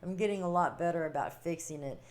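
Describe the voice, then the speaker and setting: A woman hosting a casual livestream, chatting warmly with viewers, reading their comments and laughing often. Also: lowish voice, fast. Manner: chatty, giggly, reading chat aloud. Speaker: livestream host.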